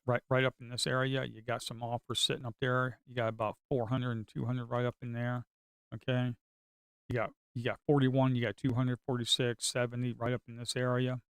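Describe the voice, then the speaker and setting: Man, middle-aged, casual trading commentary, chatty, repetitive, sarcastic, smooth clear voice, dry close sound. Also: medium pitch, dry recording. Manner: chatty, repeats himself, sarcastic asides. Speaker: day trader streaming live.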